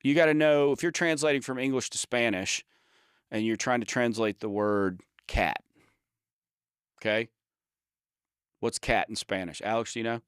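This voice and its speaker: A man's voice: mid-range voice, moderate pace, pauses often, clear, resonant tone, dry recording. A man in a mid-range voice talks through his ideas with emphatic examples, often restarting his sentences. He co-hosts a casual trade podcast. The sound is close and dry. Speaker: podcast co-host. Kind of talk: casual chat.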